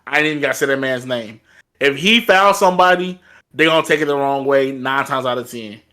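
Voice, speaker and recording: A man's voice: medium pitch, a little fast, sharp tone. A man co-hosting a sports podcast, talking loosely and casually, peppering his points with "like" and "bro". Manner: loose and conversational, leans on "like" and "bro". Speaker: podcast co-host.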